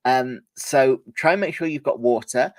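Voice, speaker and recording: A man's voice: medium pitch, moderate pace, dry recording. Man teaching with a fading, cold-worn voice. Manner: lively, varies volume and pace to demonstrate. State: slightly hoarse from a cold. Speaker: presentation skills trainer. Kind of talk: live workshop lesson.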